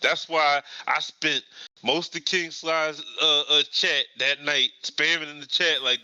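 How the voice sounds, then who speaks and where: A man in his forties talks bluntly and with heavy emphasis, swearing as he goes. His voice is very bright and smooth. It sounds dry, with no room echo. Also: a little high, fairly even intonation, unhurried. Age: 40s. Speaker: podcast host. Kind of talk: casual chat.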